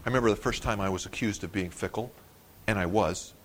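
A man preaching an expository sermon, acting out the quoted words with sudden rises in pitch and loudness, and sometimes repeating words as he explains. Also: fast. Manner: animated preaching, rising sharply on quoted words. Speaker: pastor.

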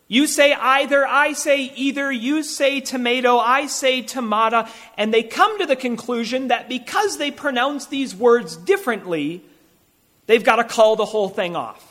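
A male pastor delivering a sermon in a measured, deliberate way, pausing often. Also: extremely high pitch, fairly bright tone. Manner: measured, deliberate preaching with pauses. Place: church.

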